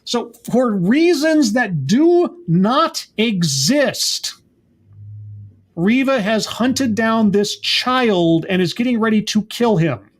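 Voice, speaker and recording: A man's voice: sits high, expressive, takes it slowly. A man giving a sarcastic, exasperated episode recap as a show reviewer, rambling and mocking.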